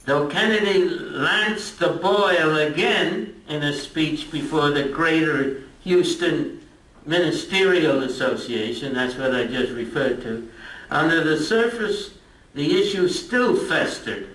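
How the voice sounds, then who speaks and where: A man's voice: a little high, lively intonation, slow pace, a bit bright. An older man giving an informal history lecture, chatty and joking with his audience. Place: lecture room at a retirement community. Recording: echoey room from a distant mic.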